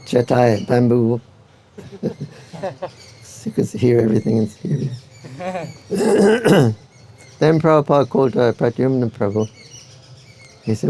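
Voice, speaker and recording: A man's voice: mid-range voice, creaky, dark tone, breathy edge. An older man giving an anecdotal spiritual talk to devotees, chuckling often as he tells his stories.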